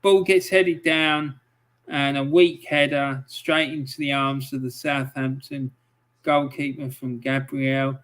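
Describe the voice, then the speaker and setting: Angry sweary football streamer. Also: male voice, medium pitch, takes it slowly. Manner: frustrated, swears often, angry outbursts between calm play-by-play. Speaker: live match commentator. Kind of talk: live-stream match commentary.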